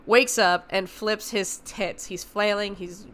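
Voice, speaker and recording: A young woman hosting a podcast, recapping a movie in a casual, animated, profanity-laced way full of fillers. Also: mid-range voice, slow. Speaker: podcast host.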